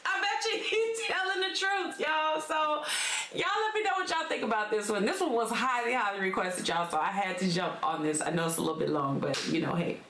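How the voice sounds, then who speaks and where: A woman hosting a reaction video, talking in a relaxed, chatty way straight to her viewers. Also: medium pitch, a little fast, roomy sound. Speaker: reaction channel host. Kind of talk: casual reaction chat.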